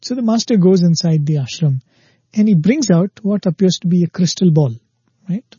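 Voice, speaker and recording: A man gives a spiritual talk in a husky, very mellow voice, pitched a little high for a man. He tells a parable at an easy pace and acts out its quoted lines. The recording is dull, lo-fi and dry. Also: moderate pace, no room sound. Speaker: spiritual speaker. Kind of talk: spiritual discourse with storytelling.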